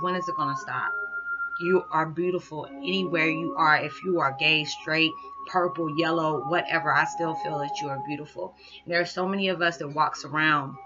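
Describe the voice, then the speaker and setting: Earnest woman vlogging over background music. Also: deep voice. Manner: earnest, rambling, emotional, acts out quotes. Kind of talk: emotional confessional monologue. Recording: dull recording with music behind.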